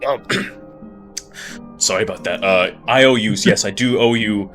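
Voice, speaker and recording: A man's voice: fairly low pitch, unhurried, fairly bright tone, faint music behind. A man voicing a rigid male guard sergeant who breaks down whining about his job. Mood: flustered.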